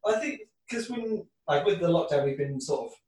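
A man who drums in a band, talking slowly and hesitantly as he thinks aloud. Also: fairly high pitch, expressive, darkish tone. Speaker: band drummer. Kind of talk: casual interview chat. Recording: very echoey room, distant mic.

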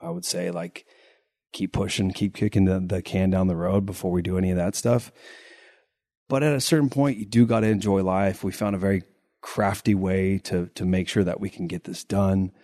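A man with a low, mellow voice talks through a casual podcast chat, a little congested from his nose. He rambles and repeats words as he thinks. The sound is dry and close. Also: steady tone, moderate pace, no room sound. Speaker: podcast co-host.

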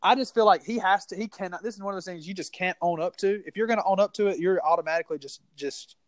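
High-voiced Southern man talking football. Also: fast, no echo. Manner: rambling, heated, many restarts. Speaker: sports podcast co-host. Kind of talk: casual sports talk.

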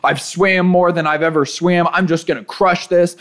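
A man casually telling a personal race story, animated, with his voice climbing high as he relives panic and dropping low and calm as he describes settling down. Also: normal speed.

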